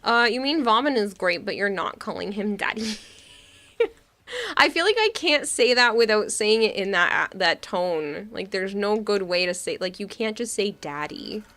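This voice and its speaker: Bright-voiced chatty woman streamer. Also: medium pitch, animated, a little slow. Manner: chatty, rambling, laughs often while reading chat. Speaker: game streamer. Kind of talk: casual live-stream chat.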